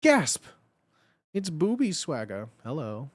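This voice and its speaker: A man's voice: a little high, expressive, normal speed, darkish tone, no echo, clean studio sound. A man in his thirties chatting casually on a livestream, blunt and profane, and laughing often.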